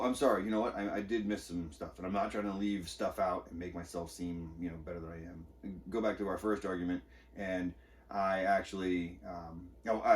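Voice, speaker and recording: A podcast host tells a personal story about an argument, speaking candidly, with agitation and profanity. His voice sits low and is recorded far from the mic, with a little hiss or hum.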